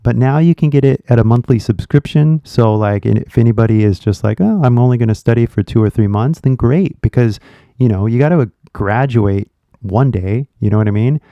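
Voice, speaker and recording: A man from California with a Californian American accent hosts his channel as an English teacher, rambling animatedly in casual chat directly to viewers. His mid-range voice is brisk, and the recording has no room sound but cut-off highs.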